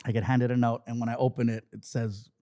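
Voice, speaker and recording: A man's voice: medium pitch, fast, dry recording, clean studio sound. A middle-aged man, a comedian guest, telling stories casually and acting out the people in them. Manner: animated, acts out voices in anecdotes. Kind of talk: casual storytelling.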